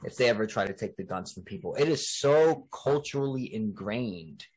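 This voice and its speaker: A man's voice: lowish voice, expressive, moderate pace, darkish tone, husky. A man hosting a casual podcast chat, talking emphatically and rambling with many fillers. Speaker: podcast host.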